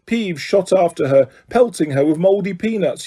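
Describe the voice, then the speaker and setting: Male audiobook reader with a mellow voice. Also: sits high, lively intonation, moderate pace, slightly rough. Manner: slips and self-corrects, laughs. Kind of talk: amateur audiobook narration.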